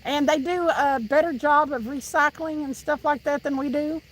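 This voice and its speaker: A woman from Tennessee with a Southern accent reads her live chat aloud and talks casually with viewers as she fishes outdoors by the water. Her high voice holds a steady tone at a moderate pace, and she's chatty and laughing, often restarting what she says. It's a rough recording.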